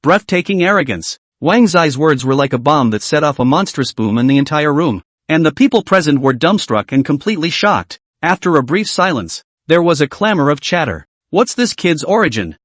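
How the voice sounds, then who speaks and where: Lively man narrating a comic recap. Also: fairly high pitch, brisk, hardly any pauses, dry recording. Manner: dramatic, clipped exclamations. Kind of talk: scripted story recap narration.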